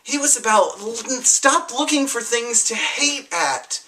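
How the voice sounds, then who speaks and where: A young adult with a bright, forceful tone gives a raw, unscripted personal testimony. The delivery is impassioned and sometimes profane, dropping low and quiet and then rising into heated outbursts. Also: lively intonation, slow pace. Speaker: vlogger sharing a personal story.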